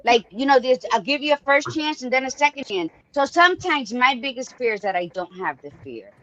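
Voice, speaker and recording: A woman's voice: high-pitched, animated, brisk, a bit bright, dull audio. A woman co-hosting a podcast, chatting casually in a blunt, joking way. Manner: blunt, joking, uses cliches. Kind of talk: casual chat.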